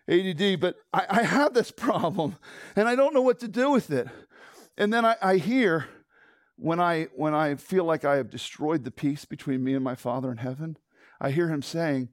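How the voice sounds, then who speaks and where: A middle-aged man's voice, on the high side and at a moderate pace, carries a sermon he preaches as pastor. Conversational and animated, he swings from loud to hushed and quizzes the congregation, in studio quality with no echo.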